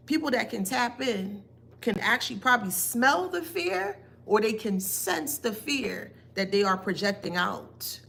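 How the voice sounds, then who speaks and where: A woman's voice: mid-range voice, big pitch swings, measured pace, creaky, pushed and bright, slight background noise. A woman giving a spiritual reading, taunting and emphatic, asking pointed rhetorical questions. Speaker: tarot reader.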